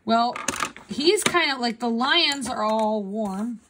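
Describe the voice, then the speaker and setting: A woman's voice: on the high side, expressive, takes it slowly, fairly bright tone. A woman art teacher talking casually through a drawing demonstration, often checking in with "right?". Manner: casual, tags sentences with "right?".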